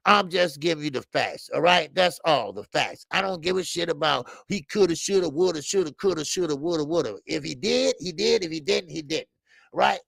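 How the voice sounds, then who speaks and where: Gravelly, blunt male stream host. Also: on the high side, normal speed, no room sound. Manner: blunt, repetitive, animated, profane. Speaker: boxing show host. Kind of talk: live stream commentary with chat.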